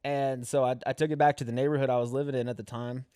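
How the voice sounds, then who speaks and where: A man's voice: mid-range voice, little pitch movement, fast talker, mellow, clear, resonant tone, dry recording, clean studio sound. A young man, a guest comedian, telling a rambling, profanity-laden story in casual podcast chat, laughing as he goes.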